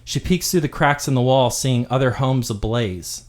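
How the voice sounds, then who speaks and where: A male game master telling a dark fantasy backstory. His voice sits at a middle pitch, and he narrates steadily, building drama. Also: normal speed.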